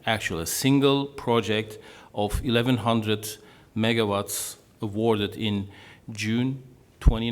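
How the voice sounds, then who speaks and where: Low-voiced man with Turkish-Norwegian accent. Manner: halting, many fillers. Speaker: panelist presenting on offshore wind. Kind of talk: conference presentation. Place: conference room panel. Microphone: handheld or table microphone.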